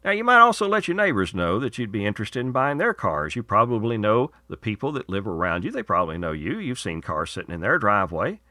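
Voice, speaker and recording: A man's voice: on the low side, very animated, fast talker, hardly any pauses, pushed and bright, dry recording, studio quality. A man hosting his radio show, reading segments and promos in a folksy, earnest, persuasive way.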